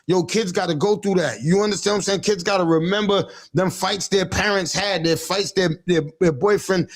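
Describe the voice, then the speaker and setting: Speaking from a livestream setup, an adult father with a gravelly, high voice preaches bluntly about parenting. His casual street-talk monologue is profane and repetitive, with many restarts.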